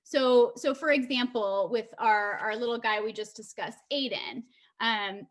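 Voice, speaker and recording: A woman's voice: a little high, a little slow. A woman giving an online presentation in a conversational way, with many filler ums.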